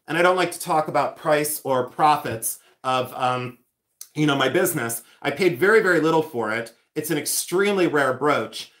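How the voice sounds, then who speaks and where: A man's voice: on the high side, a bit bright. A middle-aged man hosting a casual livestream about antiques, chatty and easily distracted, thanking viewers by name as he talks. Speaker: antique dealer and livestream host. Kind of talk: casual livestream chat reading the chat. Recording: echoey room.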